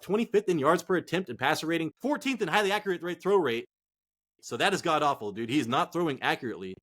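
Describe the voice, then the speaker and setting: Excitable and casual, this sports podcast host has a voice on the high side. He swears often and refers to his listeners as "dude" and "man."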